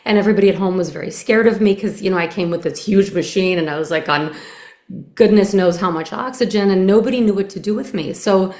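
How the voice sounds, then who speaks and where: A woman's voice: mid-range voice, fast talker, a little mellow. A woman hosting an interview, speaking earnestly and reflectively about her own experience. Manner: earnest, reflective, many quoted inner thoughts. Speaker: podcast host. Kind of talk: conversational interview. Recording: roomy echo.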